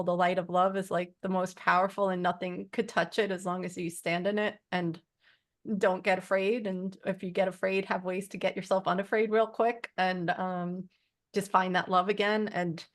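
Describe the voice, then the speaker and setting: A woman sharing spiritual experiences in a casual group conversation, rambling earnestly with many "like" fillers. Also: mid-range voice. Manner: rambling, heavy use of "like" fillers. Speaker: support group member.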